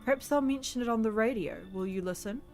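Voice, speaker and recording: A woman voicing a cryptic, ominous stranger who speaks in slow, solemn riddles. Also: fairly high pitch, soft background music, close to an everyday voice.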